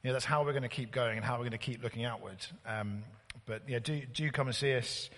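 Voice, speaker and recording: Visiting preacher, man, chatty halting delivery, church hall reverb. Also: mid-range voice, fairly bright tone. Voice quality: halting, many fillers and restarts. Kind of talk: sermon.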